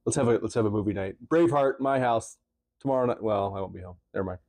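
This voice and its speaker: A man co-hosting a podcast in casual chat, joking and teasing with quick laughs. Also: on the low side, a little mellow. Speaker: podcast co-host.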